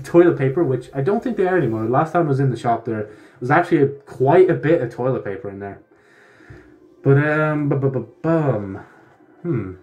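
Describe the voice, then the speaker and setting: A man's voice: mid-range voice, mellow. Rambling young man vlogging. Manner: rambling, with laughs and restarts. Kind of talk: casual rambling vlog.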